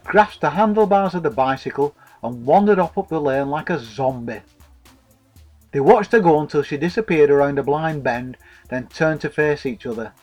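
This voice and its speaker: A man's voice: on the high side, expressive, normal speed, darkish tone, faint music behind, poor audio. A man narrating a comic story in a dry, wordy, mock-formal way.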